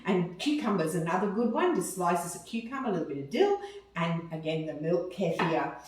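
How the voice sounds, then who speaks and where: A cheerful Australian cooking video host walks through a meal step by step in a chatty, casual food demonstration. Her sing-song, slightly mellow voice rises and falls a lot at a moderate pace, and she is recorded from a distance in a very echoey room.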